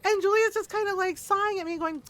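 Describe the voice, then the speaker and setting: High-voiced woman streamer chatting. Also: quick pace, a little hiss or hum. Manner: animated, laughing storytelling with casual swearing. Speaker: game streamer. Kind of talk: casual chat with stream viewers.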